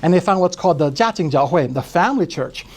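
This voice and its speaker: A man from Brazil, an immigration lawyer, explaining cases in a podcast interview with animated delivery. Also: fairly high pitch, fast talker. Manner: animated, acts out quotes in other voices.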